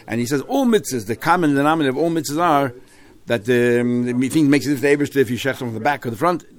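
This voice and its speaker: A man leads a Talmud class in an ordinary mid-range voice. He threads Hebrew and Yiddish terms through his English explanation. He often restarts a phrase as he works through a point. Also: mid-range voice. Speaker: Talmud teacher.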